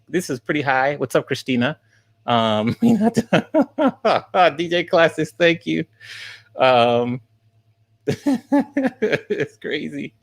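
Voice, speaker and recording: A man streaming live, laughing often and thanking viewers by name as he gets through the questions. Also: on the high side. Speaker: streamer and college teacher.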